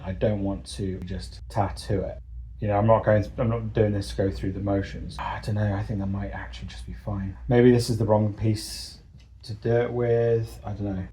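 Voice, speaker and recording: Low-voiced, dry-joking tattoo artist man. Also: dark tone, breathy edge. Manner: casual, swears often, dry joking. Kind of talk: casual vlog narration.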